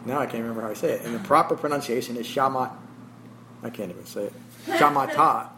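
A man of ordinary pitch leads a small meditation class through a Buddhist dharma talk. He talks in a reflective way, thinking aloud with pauses. A faint hum sits under his voice. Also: creaky. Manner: self-deprecating, chuckling about his habits. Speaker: meditation teacher.

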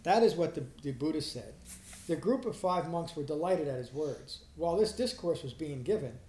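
A middle-aged man gives an earnest Buddhist dharma talk in a fairly high, mellow voice. He restarts his sentences often and presses hard on the points that matter. The room around him is roomy and echoey. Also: expressive, moderate pace, slight background noise. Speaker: Buddhist teacher. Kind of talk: dharma talk explaining a sutta. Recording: roomy echo.

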